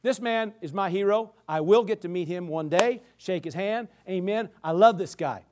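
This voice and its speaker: A man's voice: high voice, moderate pace, darkish tone, a little hiss or hum. A man preaching a sermon, emphatic, asking rhetorical questions and calling out amen. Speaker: pastor.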